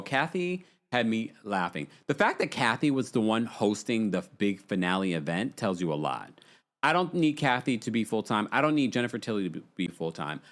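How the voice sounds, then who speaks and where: Guy doing a live reality tv recap, lively up-and-down voice, chatty, reads out comments. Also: on the low side. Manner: animated, chatty, reads viewer comments aloud. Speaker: livestream host. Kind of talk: casual reality-TV recap livestream.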